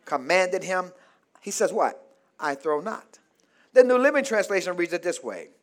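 A man preaching a sermon in call-and-response style, asking the congregation to finish his sentences and swinging between shouts and low murmurs. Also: big pitch swings, moderate pace. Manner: call-and-response, asks the congregation to fill in words.

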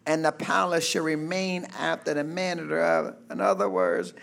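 Fervent male preacher, high and bright, swoops a lot, shouts calls for amen. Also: normal speed, vocal fry. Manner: fervent call-and-response preaching, often shouting; reads scripture aloud, then explains it. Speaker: pastor. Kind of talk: sermon.

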